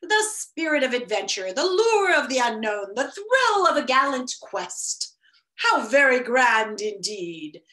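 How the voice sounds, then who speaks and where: A woman's voice: sits high, big pitch swings, measured pace, pushed and bright, exaggerated voice. A woman voicing a pompous male humbug creature who declaims grandly, in a roomy echo. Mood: grandly pleased.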